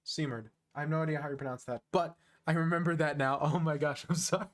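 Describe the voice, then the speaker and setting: A man streaming online chess, chatting casually and thinking aloud, quick to make fun of his own play. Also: fairly high pitch, fairly even intonation, fairly bright tone. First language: English. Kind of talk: casual live-stream commentary.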